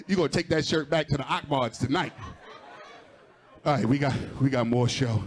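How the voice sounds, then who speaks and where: In a mid-range voice at a moderate pace, a comedian performs live crowd work. He addresses audience members directly, ribs them, and laughs at his own material.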